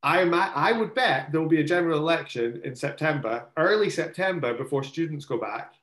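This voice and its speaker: A man's voice: a little high, animated, a little fast, fairly bright tone, roomy sound. A British man co-hosting a casual political chat, chatty and self-mocking. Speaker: podcast co-host.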